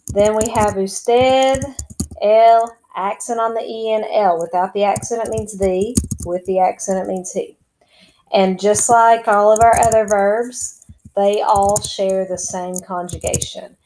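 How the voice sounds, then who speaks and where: A woman's voice: mid-range voice, warm tone, a little hiss or hum, poor audio. A woman teaching a recorded lesson to her students, explaining step by step in a chatty way as she types. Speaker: Spanish teacher. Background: keyboard typing and clicks.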